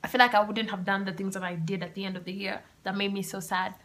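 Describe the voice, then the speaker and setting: A young woman, hosting a podcast and telling a personal story in a chatty, animated way with asides and laughter. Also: mid-range voice, fast. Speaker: podcast host. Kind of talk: casual storytelling monologue. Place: home room with open windows.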